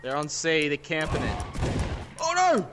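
Gamer guy, high lively voice, unhurried, shouts and laughs over steady gunfire noise. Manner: shouting battle cries, laughing often. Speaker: gamer streaming a multiplayer shooter. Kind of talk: excited gameplay commentary. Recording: gunfire and game noise behind.

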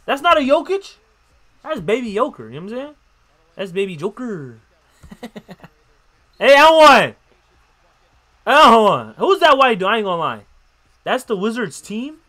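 A young man hosting a casual basketball reaction video, excitable and slangy, swearing and breaking into loud outbursts. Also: sits high, moderate pace, long pauses. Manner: slangy, repeats catchphrases. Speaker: YouTube reaction host.

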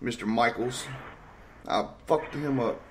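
A man's voice: mid-range voice, measured pace. A man hosting a casual talk show, telling profane, rambling stories and laughing often. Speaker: host.

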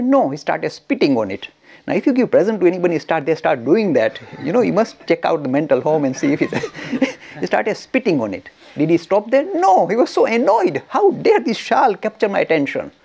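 A male teacher tells a story with animated energy, often laughing and restarting his sentences. His pitch swings widely. The voice has a gravelly, husky texture. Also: a little fast. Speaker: religious studies teacher. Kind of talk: storytelling lecture.

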